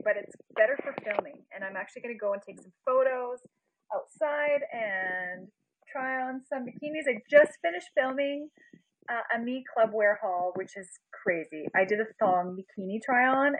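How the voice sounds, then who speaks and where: A young woman from Canada chatting on a live stream from home, speaking into a phone she has propped up. Her voice sits a little high, and she is bubbly and giggly as she greets viewers by name. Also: lively intonation, moderate pace, no echo, low-quality recording. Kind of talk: casual live-stream chat. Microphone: phone being propped up.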